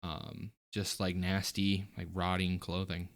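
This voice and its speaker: A man running a tabletop game as game master, describing scenes in a relaxed, loose way with many pauses. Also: sits low.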